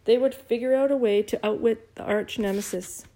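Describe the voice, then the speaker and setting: A woman's voice: a little high, moderate pace. A woman narrating a children's storybook aloud, changing her voice for each character. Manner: lively, varies voices for characters. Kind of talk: audiobook reading.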